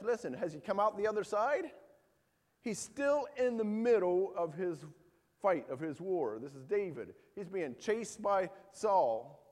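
A male pastor delivers a sermon with earnest conviction, reading scripture aloud and pressing his listeners with questions. His voice sits a little high for a man. A long hall reverb trails behind his words. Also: lively intonation, normal speed, a little mellow. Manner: earnest preaching with rhetorical questions.

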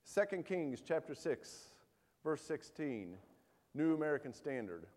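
A man's voice: fairly high pitch, big pitch swings, measured pace, darkish tone. Earnest preacher man in a reverberant hall. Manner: earnest preaching with rhetorical questions. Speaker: pastor. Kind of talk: sermon.

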